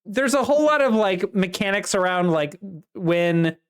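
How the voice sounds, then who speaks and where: A woman co-hosting a casual book-discussion podcast, recapping the plot at length in a lively way. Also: mid-range voice, normal speed, smooth. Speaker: podcast co-host.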